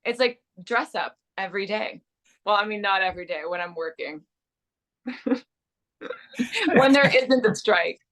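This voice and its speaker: A woman's voice: mid-range voice, a little slow, pauses often, fairly bright tone. A woman from Quebec, an actress whose first language is French, chatting in an interview with a trained, nearly neutral American accent and frequent laughter. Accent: trained general American, light Quebec French traces. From Quebec, Canada. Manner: bubbly, laughs often, playful. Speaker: actress guest. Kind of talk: casual interview chat.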